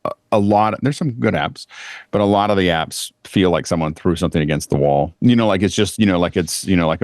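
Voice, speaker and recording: A man co-hosting a tech podcast, chatty and halting, with many fillers. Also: low-pitched, dry recording, clean studio sound. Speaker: podcast co-host. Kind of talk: casual tech panel discussion.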